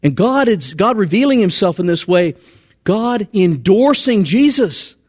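A man preaching a sermon in an animated, conversational way. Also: high voice, measured pace.

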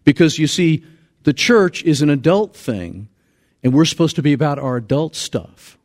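A man preaching a sermon as pastor, animated and acting out quoted voices. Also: normal speed. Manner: animated, acts out quoted voices with big pitch jumps. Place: church sanctuary.

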